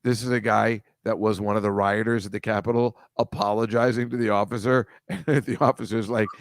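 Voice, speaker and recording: A man's voice: on the low side, flat delivery, a little fast, few pauses, no echo, clean studio sound. A man hosting a casual video-call chat over shared slides, rambling, wry and mocking, swearing freely. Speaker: host.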